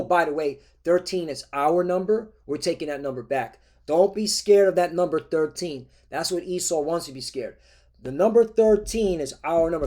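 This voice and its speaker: Guy preaching off the scriptures, kinda high voice, keeps going "okay? all right?", combative. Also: a little mellow. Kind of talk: scripture-reading sermon.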